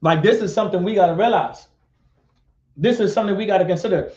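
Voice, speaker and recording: High-voiced man teaching an echoey class. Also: brisk, a bit bright. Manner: repetitive, questions the audience and calls on them. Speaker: class instructor. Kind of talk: live-streamed class lecture. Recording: echoey, dull lo-fi sound.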